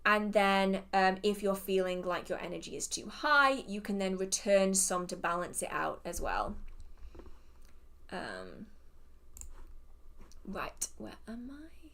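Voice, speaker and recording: An English woman hosting a casual live Q&A at an ordinary mid pitch. She is chatty and self-deprecating and quick to laugh, and mutters and hums to herself between questions. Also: a bit bright, clean tone. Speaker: host of a live witchcraft Q&A. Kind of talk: casual livestream Q&A.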